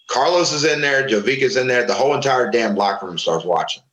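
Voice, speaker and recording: A fast talker with a mid-range voice, this middle-aged ex-wrestler from Florida is a guest in a casual interview. The recording is roomy and low quality, and he tells profane stories animatedly, acting out what others said.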